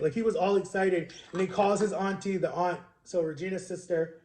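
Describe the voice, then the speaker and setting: High-voiced young man telling a story. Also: fairly even intonation, normal speed, a little mellow. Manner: chatty, rambling retelling full of "like" and "right?". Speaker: vlogger. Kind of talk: casual storytelling to camera.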